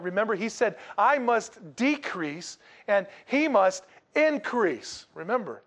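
High-pitched guy preaching, chatty and animated, lots of rhetorical questions. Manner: animated, conversational, rhetorical questions, slangy asides. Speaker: pastor. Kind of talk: sermon.

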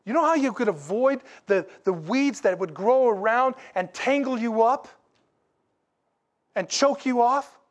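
High-voiced folksy male preacher. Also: a little slow. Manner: animated, folksy preaching with mock voices and asides. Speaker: pastor. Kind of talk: sermon.

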